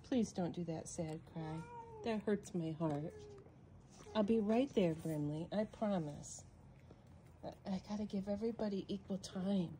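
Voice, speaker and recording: A woman's voice: mid-range voice, a little hiss or hum. A woman filming her cats at home, talking to them in a doting, coaxing way and sometimes dropping to a whisper. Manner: coaxing, doting baby-talk to the cats, at times hushed to a whisper. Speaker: cat rescuer filming her foster cats. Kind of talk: casual vlog narration, talking to her cats. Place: room at home with kittens and cats.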